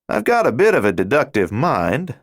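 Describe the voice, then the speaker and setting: A man's voice: medium pitch, huge pitch swings, normal speed, dry recording, clean studio sound, pitched above the performer's own voice. A male narrator voicing a friendly, curious patrol cop with a playful, tentative manner in an audiobook.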